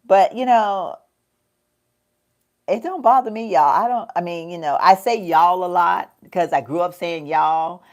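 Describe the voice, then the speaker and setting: A Southern woman talks to her viewers as she gets ready in front of the camera. Her voice sits a little low, and her manner is folksy and chatty, with plenty of laughs and "y'all.". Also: a little slow. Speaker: lifestyle vlogger. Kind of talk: casual chat while doing makeup.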